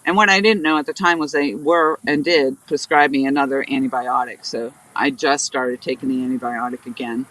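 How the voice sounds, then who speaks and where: A woman's voice: very deep voice, steady tone, brisk, hardly any pauses, fairly bright tone, rough recording. Rambling nasal-sounding woman streaming chat. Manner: rambling, chatty, laughs often. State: stuffy, nasal from blocked sinuses. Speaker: fishing livestream host. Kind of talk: casual live-stream chat. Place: outdoors by a river.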